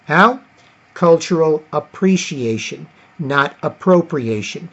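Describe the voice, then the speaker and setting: A man's voice: fairly high pitch, expressive, takes it slowly, fairly bright tone, husky, highs cut off. A man from Toronto, hosting opinionated solo commentary and rambling with lots of fillers and restarts. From Toronto, Canada. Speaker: vlog host.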